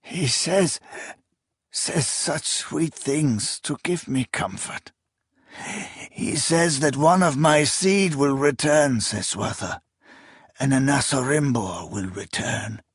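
Male narrator as a dying old king: weak, slow, half-whispered, tender, audiobook. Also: mid-range voice, expressive, husky, no room sound, studio quality. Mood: rapt. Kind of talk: audiobook character reading.

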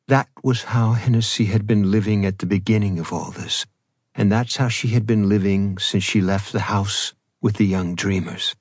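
A man reading an audiobook in a measured, even storytelling manner. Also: fairly low pitch, husky, no echo, studio quality. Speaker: audiobook narrator. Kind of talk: scripted narration.

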